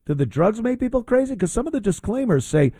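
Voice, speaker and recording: Male show host, mocking rant, dark mellow tone, dry sound. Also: sits high, very animated, fast, husky, dry recording. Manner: mocking, rambling with fillers. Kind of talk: opinionated talk show monologue.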